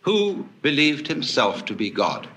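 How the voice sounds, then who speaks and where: A man's voice: on the high side, big pitch swings, a little slow, pushed and bright. A man giving a public lecture, telling wry anecdotes with dry humor. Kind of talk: public lecture to a live audience.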